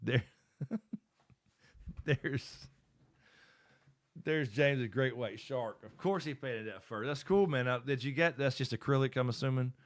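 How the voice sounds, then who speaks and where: A man's voice: mid-range voice, measured pace, long pauses, dry recording. A middle-aged man hosting a live stream. He chats casually and rambles, thinking aloud while he works his screen.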